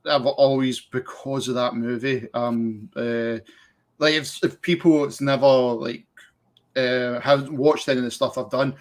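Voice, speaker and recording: A man's voice: medium pitch, fairly even intonation, unhurried. A man with a Scottish accent, a podcast guest in casual chat, who talks hesitantly with many ums and restarts.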